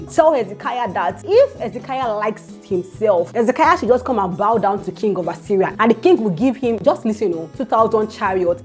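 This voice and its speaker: A woman with a Nigerian accent telling a Bible story in a chatty, animated vlog style, often checking in with the viewer. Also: medium pitch. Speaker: YouTube storyteller.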